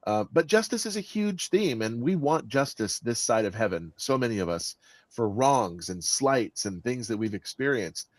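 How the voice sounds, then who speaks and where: A man speaking as the guest author in an interview, with an expressive delivery that stresses words and often restarts his sentences. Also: mid-range voice, moderate pace, dry recording. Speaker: guest author and audiobook narrator. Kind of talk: conversational interview answers.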